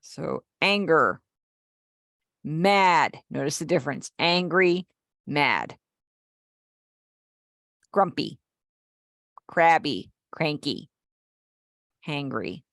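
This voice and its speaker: A woman's voice: low-pitched, animated, drawn-out words, pauses often, a bit bright, no room sound, clean studio sound. A middle-aged woman teaching a live online class, explaining patiently and checking in with her students. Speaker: sign language teacher.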